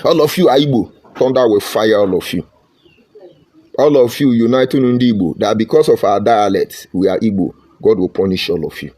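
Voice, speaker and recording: A man's voice: mid-range voice, darkish tone. A man with a Nigerian accent giving an impassioned, preachy monologue, repeating his points with emphasis. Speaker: online commentator.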